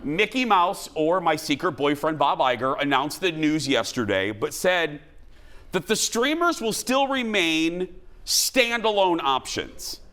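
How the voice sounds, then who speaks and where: A man hosting a talk show, chatting casually and telling stories with lots of animation, often switching to high voices for quoted lines. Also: very animated, unhurried, fairly bright tone. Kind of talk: casual studio chat.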